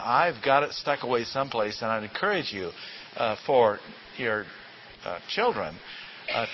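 The clip captures a folksy Bible class lecture in which a man quizzes his students with rhetorical questions. His voice is mid-range with a fairly bright tone, and the audio is dull and lo-fi with a faint hiss.

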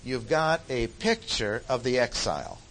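A man's voice: medium pitch, sing-song, a little slow, a bit bright, a little hiss or hum, rough recording. A man teaching a Bible study lecture in an emphatic way, repeating key phrases for stress.

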